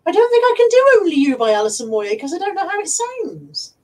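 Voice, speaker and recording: Irish woman, middle-aged, high voice, chatty live-stream host who reads comments and laughs a lot. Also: big pitch swings, brisk. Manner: chatty, laughs often, breaks into off-key singing. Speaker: live-streaming reseller vlogger. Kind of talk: casual live stream chat, reading out comments.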